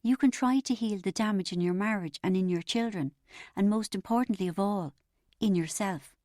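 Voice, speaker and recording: A woman reading the part of a calm rehab counsellor who is mild in manner but probing and matter-of-fact. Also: mid-range voice, normal speed, dry recording, studio quality, close to an everyday voice. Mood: firm.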